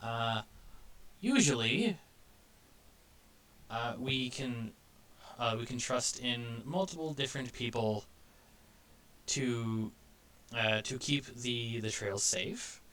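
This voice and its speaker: Man as a weary, halting cartographer toon. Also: mid-range voice, a bit bright. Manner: halting, full of uh and restarts. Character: weary male cartographer toon who rants. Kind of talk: tabletop role-play voice acting.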